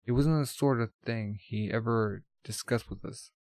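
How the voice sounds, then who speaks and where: Gruff old demon king, guy reading it out, plain mid voice, dry sound. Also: mid-range voice, normal speed, a little mellow, no room sound, natural voice. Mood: rueful.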